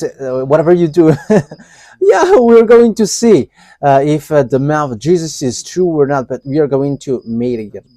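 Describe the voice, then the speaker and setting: A man preaching a live sermon, halting, with many fillers and restarts and frequent chuckles. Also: a little high, dark tone, no room sound.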